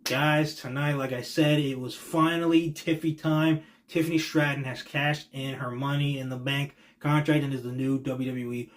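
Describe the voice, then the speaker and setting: A man hosting a wrestling reaction show, talking in an excitable, slangy way that swings between hushed and loud. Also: medium pitch, moderate pace, hardly any pauses. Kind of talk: casual reaction commentary.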